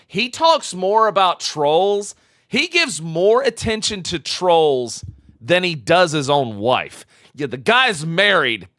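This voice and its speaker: A man's voice: medium pitch, a bit bright, no echo, studio quality. A man streaming a live reaction, mocking a clip with profane, repetitive commentary. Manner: mocking, profane, repeats phrases for emphasis.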